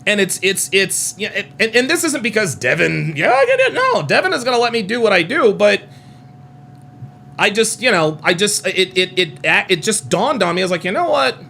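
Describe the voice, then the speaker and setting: A man's voice: sits high, very animated, moderate pace, creaky, sharp tone, a little hiss or hum. A man in his forties chatting casually on a live stream, rambling, repeating himself and reading chat comments aloud. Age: 40s. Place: home near Reno.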